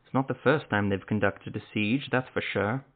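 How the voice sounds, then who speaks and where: A man's voice: fairly low pitch, moderate pace, close to an everyday voice. Man reading as a wry sorcerer. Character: wry male sorcerer, middle-aged, guarded. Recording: tinny phone-like sound.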